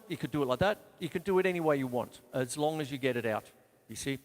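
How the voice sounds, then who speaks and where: A man's voice: medium pitch, expressive, quick pace, in a large hall. A man hosting a live drum lesson, chatty and self-mocking, counting beats aloud between explanations. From Australia. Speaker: drum teacher and show host. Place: home studio with drum kit.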